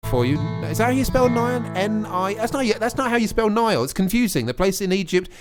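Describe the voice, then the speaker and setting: Silly radio host, high and bright, faint music behind. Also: male voice, expressive. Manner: quick, silly, self-mocking banter. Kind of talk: jokey improvised radio chat.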